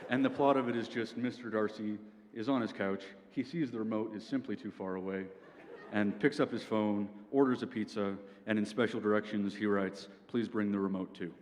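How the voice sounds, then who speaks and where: This young speaker at a student event has a lowish, darkish voice, a steady tone and a normal speed. He gives a comic presentation in a dry manner, tagging points with "okay?", captured in a reverberant hall with faint background noise.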